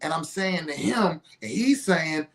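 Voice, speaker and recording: A middle-aged woman hosting a podcast, telling a story in a loose, animated, profane way and acting out what others said. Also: a little slow. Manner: animated and profane, acting out other people's lines with big pitch jumps. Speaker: podcast host. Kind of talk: casual storytelling.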